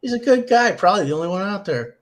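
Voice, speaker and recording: A man's voice: high voice, animated, quick pace, crowd noise. A man co-hosting a podcast, joking around in casual chat. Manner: joking, goofy. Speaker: podcast co-host.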